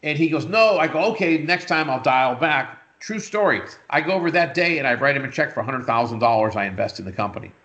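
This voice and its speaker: Bright-voiced man telling a story. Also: racing, few pauses, dull audio. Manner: animated anecdote-telling, leaps high when quoting himself. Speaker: interview guest, retired businessman. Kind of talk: casual storytelling.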